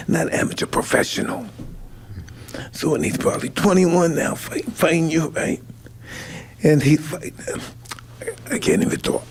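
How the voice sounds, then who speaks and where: A man's voice: fairly high pitch, lively intonation, moderate pace, creaky, slightly rough. A man in his fifties, a retired boxer talking on a podcast, rambling and intense, often breaking off mid-sentence. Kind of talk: emotional conversation.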